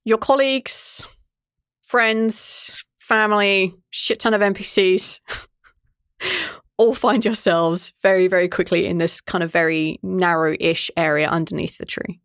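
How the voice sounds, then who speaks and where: A woman's voice: medium pitch, steady tone, measured pace, a bit bright, clean tone, dry recording, clean studio sound. A woman narrating as game master of a tabletop game, casual, swearing freely and laughing often.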